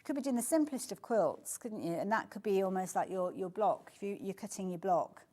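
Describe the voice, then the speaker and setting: She speaks with a mellow, medium-pitched voice that is animated and fairly quick. Hosting a live fabric segment on a shopping channel in a TV studio, she's chatty and gushing, complimenting every design and often saying beautiful.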